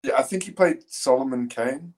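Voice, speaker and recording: A young man co-hosting a casual podcast, speaking haltingly and correcting himself, with casual swearing. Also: mid-range voice, over a noisy crowd. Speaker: podcast co-host.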